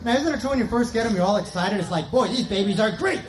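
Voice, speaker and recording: A man's voice: sits high, animated, fast. A male stand-up comic doing a live set, rattling off jokes, acting out voices and laughing at his own lines. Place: outdoor park concert stage. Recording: echoey outdoor concert with crowd noise.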